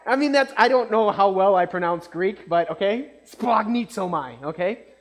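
Man, preacher, casual sermon, high-pitched voice, conversational, keeps checking in with listeners. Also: expressive, moderate pace.

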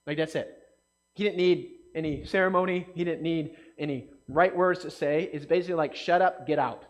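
A man giving a casual, conversational sermon, animated and often asking his listeners questions. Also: fairly high pitch, a little fast. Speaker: pastor.

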